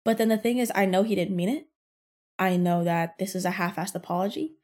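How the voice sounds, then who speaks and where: A young woman hosting a podcast, telling a workplace story in a casual, profane and animated way. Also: medium pitch, brisk. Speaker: podcast host.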